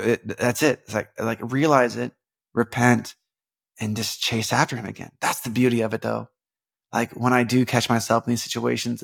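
Gravelly earnest man in devotional talk. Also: mid-range voice. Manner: rambling and earnest, many fillers and restarts, bursts of animated emphasis. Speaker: podcast host. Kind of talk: casual devotional podcast talk.

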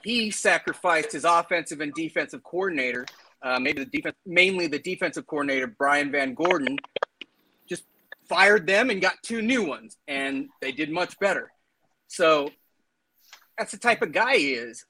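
A sports podcast panelist talks casually about college football coaches, opinionated and talkative, laughing mid-sentence between points. His voice is on the high side, animated, bright, and forceful at a normal speed, and the poor audio carries a little hiss or hum.

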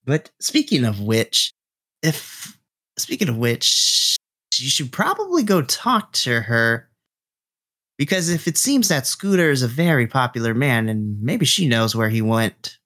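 Man game master for a tabletop game, lively swooping delivery, laughs easily. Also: medium pitch, measured pace. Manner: laughs often, animated.

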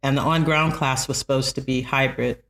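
A woman who teaches college math, telling stories in an animated way and laughing easily in a podcast interview. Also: a bass voice. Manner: animated storyteller, quick to laugh.

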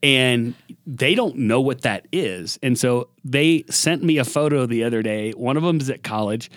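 A middle-aged man from Colorado hosts a podcast, spinning jokey little stories in a chatty tone. His voice sits at an ordinary pitch and is recorded close and dry in a quiet studio. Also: lively intonation, moderate pace, no room sound. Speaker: podcast host. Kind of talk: casual podcast chat.

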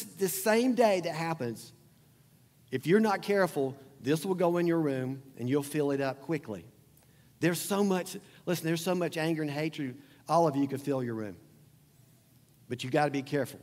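A man's voice: fairly high pitch, darkish tone. Man, pastor, sermon, repeats himself for emphasis, long church reverb. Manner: conversational preaching, repeats phrases, emphatic. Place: church sanctuary.

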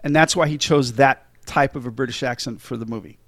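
A man's voice: medium pitch, fairly quick, no room sound. A middle-aged man hosting a casual movie podcast, chatty and enthusiastic, with many fillers and restarts. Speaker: podcast host.

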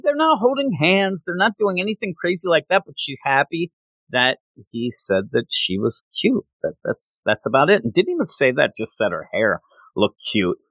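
A man casually recapping a manga chapter with a co-host, rambling and quickly acting out the characters' lines. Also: a little high, big pitch swings, fairly bright tone, no room sound.

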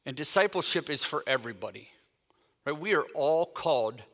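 A bright, fairly high-voiced man in his fifties preaches in a church hall, and his words ring out with a long reverb. He tells his stories in a lively way and acts out the back-and-forth of each conversation. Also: normal speed. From Texas. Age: 50s. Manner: animated anecdotal storytelling, acts out quoted dialogue. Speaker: guest speaker. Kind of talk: sermon with storytelling.

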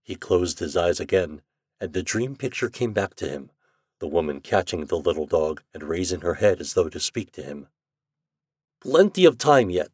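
Husky, low-voiced male narrator. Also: normal speed, darkish tone, no echo, clean studio sound. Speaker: host and narrator. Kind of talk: audio magazine narration.

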